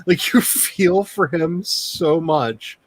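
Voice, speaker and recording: A man's voice: fairly high pitch, slow, dry recording. A man hosting a writing stream, chatting casually and gushing with frequent laughter. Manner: animated, gushing, laughs often. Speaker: author and stream host.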